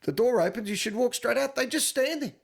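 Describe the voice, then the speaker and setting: Gravelly Australian man telling stories. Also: very high-pitched, fairly quick. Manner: animated storytelling, stammering restarts. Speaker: podcast co-host. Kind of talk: casual chat.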